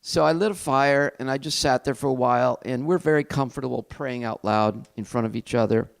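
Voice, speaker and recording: A middle-aged man speaks as a pastor sharing a personal testimony, his pitch sitting squarely in the middle range. He tells his story candidly and reflectively, with a self-deprecating edge. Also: fairly quick, vocal fry.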